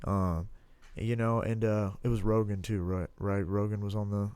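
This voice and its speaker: A man's voice: lowish voice, flat delivery, moderate pace, a little mellow, clean tone, no echo. A young man chatting casually on a podcast, rambling with lots of restarts and blunt, profane remarks. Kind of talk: casual podcast chat about fighting.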